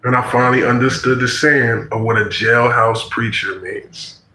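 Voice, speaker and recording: A man's voice: medium pitch, fairly even intonation, normal speed, sharp tone, echoey room, low-quality recording. A man in his forties telling a personal story in casual, slangy talk, acting out the voices he quotes.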